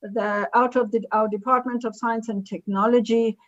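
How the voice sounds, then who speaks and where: A woman giving a remote conference talk, halting and often correcting herself. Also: fairly high pitch, steady tone, highs cut off. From South Africa. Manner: halting, self-correcting delivery. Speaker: invited conference speaker.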